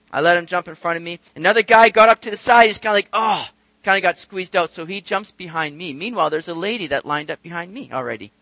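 A man's voice: high voice, bright, forceful tone, no room sound. A male pastor preaching a sermon in a conversational way, telling a personal story and asking rhetorical questions.

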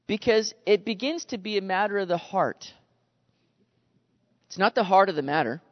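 A man preaching a sermon in an animated way, acting out the voices he quotes. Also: high voice, moderate pace, long pauses. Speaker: pastor. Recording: dull lo-fi sound with long reverb.

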